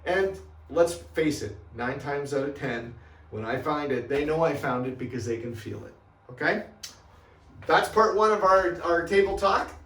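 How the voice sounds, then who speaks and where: A man's voice: fairly high pitch, lively intonation, a little slow, a bit bright, reverberant, recorded from a distance. A man coaching health practitioners on what to say to patients. He talks emphatically and keeps checking in with "right?" and "okay?". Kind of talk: coaching talk.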